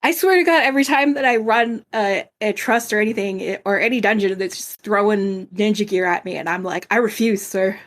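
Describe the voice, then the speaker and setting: A woman co-hosting a casual game podcast, talking in an animated way. She drops swear words freely and laughs often as she chats. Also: mid-range voice, a little fast, few pauses. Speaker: podcast co-host. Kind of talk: casual chat.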